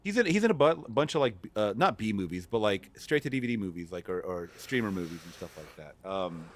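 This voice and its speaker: A man's voice: fairly low pitch, sing-song, fast, slight background noise. A man appearing as a guest on a live movie stream, chatting casually and often stumbling into stammered restarts. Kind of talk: casual movie review chat. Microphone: remote streaming mic.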